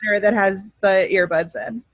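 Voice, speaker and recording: A woman's voice: medium pitch, steady tone, moderate pace, no echo, dull audio. A woman co-hosting a podcast in casual chat, reacting to her friend's story and teasing her. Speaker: podcast co-host. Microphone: podcast mic.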